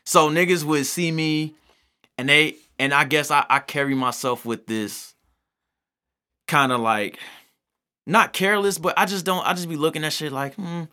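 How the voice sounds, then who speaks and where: A man talking casually on a podcast, laid-back and profane, often slipping into animated quoted voices. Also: fairly high pitch, moderate pace, smooth.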